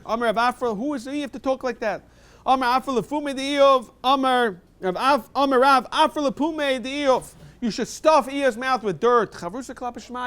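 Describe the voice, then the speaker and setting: High-voiced man teaching a Talmud class. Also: fairly bright tone, smooth. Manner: quick mix of read Aramaic and plain English explanation. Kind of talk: talmud class review, reading and translating.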